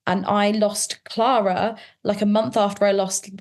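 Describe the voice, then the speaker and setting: A woman's voice: mid-range voice, level tone, unhurried, darkish tone. A woman guest on a podcast, chatting casually in an emotional, rambling way full of "like". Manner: emotional, rambling, heavy use of "like". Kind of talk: casual chat.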